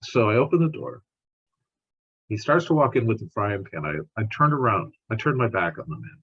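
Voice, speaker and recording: A male scientist tells stories on a podcast in a lively, repetitive way. His voice is low and very husky, rising and falling a lot. The audio sounds muffled. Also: brisk. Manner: animated, repeats words while telling stories. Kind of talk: storytelling in conversation.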